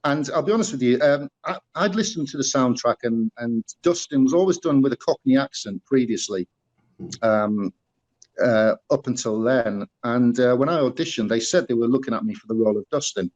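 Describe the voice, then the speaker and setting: A man's voice: mid-range voice, expressive, a little fast, a little mellow, muffled recording. Middle-aged guy w a teesside accent, chatty interview guest, keeps restarting his sentences. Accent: Northeast English (Teesside). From England, northeast (Middlesbrough). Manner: rambling, many fillers and restarts. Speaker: guest, former musical performer. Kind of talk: casual interview storytelling.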